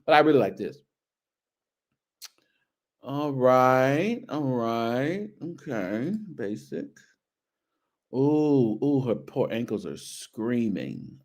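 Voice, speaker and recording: Man, show host, sassy fashion commentary, churchy phrases, slow and drawn out, swooping pitch. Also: lively intonation. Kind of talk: casual fashion commentary on a video.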